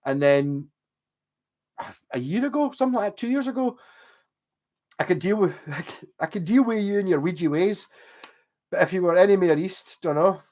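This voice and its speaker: A man's voice: high-pitched, expressive, normal speed, long pauses, darkish tone. A man with a posh Glasgow accent, rambling and swearing casually as he chats on a livestream. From Scotland. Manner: chatty, swears, wanders between stories. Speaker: livestream host.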